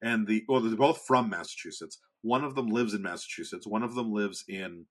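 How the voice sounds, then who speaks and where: A man's voice: fairly low pitch, a little fast. A man co-hosting a podcast, retelling a story in casual, profane chat. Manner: casual, swears, lively retelling. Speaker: podcast co-host.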